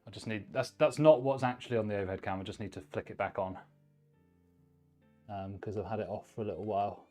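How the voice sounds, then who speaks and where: A man's voice: on the low side, steady tone, fast talker, darkish tone, soft background music. Chatty man giving blunt PC advice. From United Kingdom. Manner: chatty, blunt advice, thinks aloud while working. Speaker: livestream host, PC builder. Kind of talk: casual live-stream chat.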